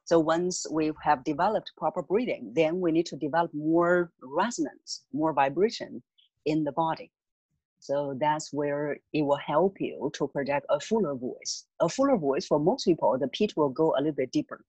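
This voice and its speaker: A voice coach calmly and patiently explaining voice techniques as an interview guest. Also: mid-range voice, normal speed, husky, no echo, muffled recording. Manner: calm, patient, instructive.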